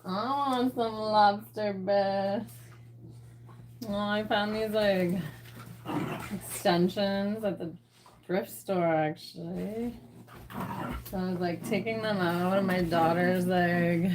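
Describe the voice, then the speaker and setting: A woman's voice: mid-range voice, fairly even intonation, slow, long pauses, noisy background. A woman chatting casually on a live stream from home, rambling with lots of fillers and frequent laughs. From Canada.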